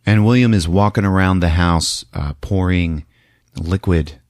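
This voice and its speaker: A man hosting a podcast, casually recapping a film in an animated way, laughing often and acting out the lines. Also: sits low, unhurried, no echo, studio quality. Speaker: podcast host.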